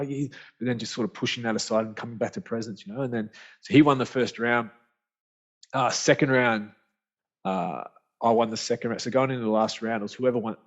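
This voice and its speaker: Rambling Australian man, lo-fi sound. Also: mid-range voice. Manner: animated, rambling, slangy with frequent restarts. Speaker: guest, author and speaker. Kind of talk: casual storytelling interview. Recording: dull lo-fi podcast audio.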